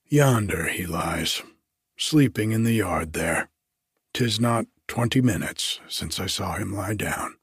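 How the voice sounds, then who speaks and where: A man's voice: sits low, expressive, slow pace, breathy edge, dry recording, studio quality, heavily acted. A man voicing a matter-of-fact male prison guard. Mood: offhand.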